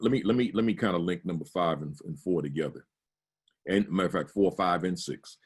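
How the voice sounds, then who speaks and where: A deep-voiced man with a husky edge leads a staff orientation. He speaks earnestly, stacks up rhetorical questions and often repeats his words as he works through each point. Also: darkish tone. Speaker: school administrator leading staff training.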